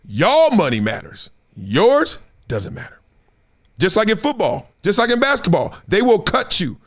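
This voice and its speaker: A man in his forties hosting a casual sports talk stream, animated and trash-talking, slipping into put-on fan voices. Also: high voice, moderate pace. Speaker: show host.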